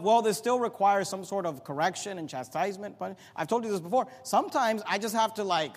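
High-voiced preacher in a reverberant hall. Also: male voice, brisk, few pauses. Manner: preaching with swings from loud to quiet. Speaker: pastor. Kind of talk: sermon.

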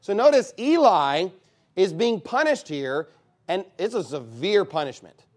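A man with a fairly high voice, preaching to his congregation as their pastor. He talks emphatically and swings his pitch widely, now and then breaking into loud outbursts. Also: big pitch swings, unhurried. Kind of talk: sermon.

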